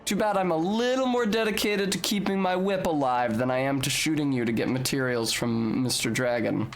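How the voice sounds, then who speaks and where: A woman's voice: low-pitched, faint music behind. A young woman streaming a video game, chatting casually with her audience, joking and swearing freely. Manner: joking, swears freely, quick asides to chat. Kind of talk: casual gameplay commentary.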